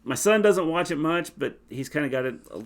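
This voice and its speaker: A man co-hosting a wrestling recap livestream in casual chat, offering measured, hedging opinions. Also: fairly high pitch, animated. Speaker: co-host of a wrestling recap stream.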